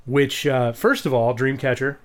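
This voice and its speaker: Male podcast co-host, mid-range voice, excitable, cusses freely. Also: mid-range voice, moderate pace. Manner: animated, swears, many restarts. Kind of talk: casual chat.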